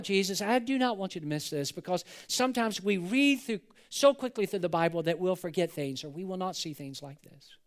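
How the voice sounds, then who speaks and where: A man with a high voice delivering a sermon. He preaches with animation, swelling loud for emphasis and then dropping to a hush. He acts out the people in the story in quoted voices. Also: smooth. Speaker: pastor.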